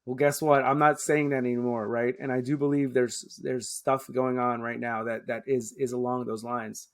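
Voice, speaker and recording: A public affairs officer from Queens, New York, in his 30s, talks as a guest in a relaxed interview. He speaks at normal speed in a mid-range voice with little pitch movement. He drives his points home emphatically, often adding "right?"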